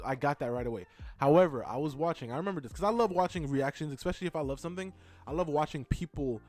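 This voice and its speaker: A man chatting casually in a rambling, excitable way while narrating his drawing video. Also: mid-range voice. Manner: rambling, excitable, with many fillers. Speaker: art content creator.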